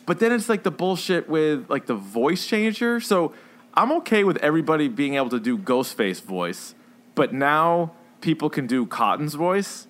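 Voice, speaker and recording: A man co-hosting a podcast, chatting casually about films in a rambling way, full of fillers and animated retellings. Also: on the high side, moderate pace. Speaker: podcast co-host. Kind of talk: casual chat reviewing films.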